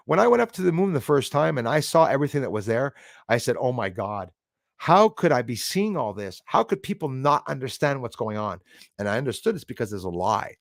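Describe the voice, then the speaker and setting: A gravelly-voiced man hosts a live stream. He talks casually and rambles, stressing his points with lots of "uh" and "you know". His pitch swings widely, and the sound is dry and close. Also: dry recording. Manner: rambling and emphatic, with many fillers. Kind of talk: casual live-stream talk, reading chat comments.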